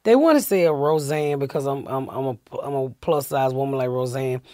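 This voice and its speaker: Profane, animated Southern woman storyteller. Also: a bass voice, fairly quick, no echo, clean studio sound. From United States. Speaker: comedian guest. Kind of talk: casual storytelling.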